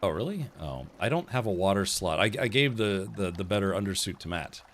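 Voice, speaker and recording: A man's voice: deep voice, animated, fairly quick, a bit bright. A man hosting a let's play stream, chatty and easily distracted while he plays. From United States. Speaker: streamer host.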